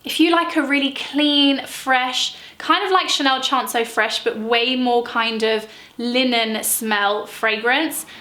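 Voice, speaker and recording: A chatty young woman, rambling and gushing as she reviews her collection. Her voice is crisp and bright and sits a little high. The room around her is echoey. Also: steady tone, takes it slowly. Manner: gushing, rambling, lots of fillers. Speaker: beauty vlogger. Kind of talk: chatty product review vlog.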